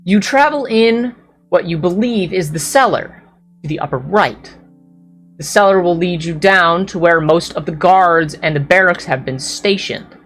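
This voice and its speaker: Low-voiced woman game master. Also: a little slow, soft background music. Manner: descriptive, apologetic asides, some slips. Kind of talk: narrating a tabletop game.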